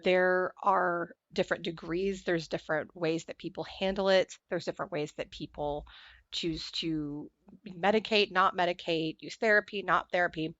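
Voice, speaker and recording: A woman guest in a conversational interview who tells stories in an animated way and acts out the voices she quotes. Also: lowish voice, normal speed, dry recording. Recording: dull lo-fi sound, dry.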